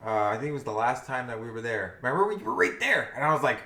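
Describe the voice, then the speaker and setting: A man's voice: mid-range voice, big pitch swings, rapid-fire, sharp tone. A man co-hosting a casual talk show, telling stories in a rambling way and laughing often. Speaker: co-host. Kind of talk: casual podcast chat. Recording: echoey room.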